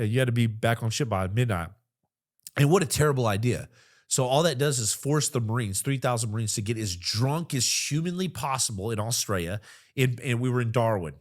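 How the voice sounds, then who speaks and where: A man in his forties, a military veteran and podcast guest, telling stories casually in an animated, profane way, often getting louder for emphasis. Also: mid-range voice. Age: 40s. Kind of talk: casual storytelling.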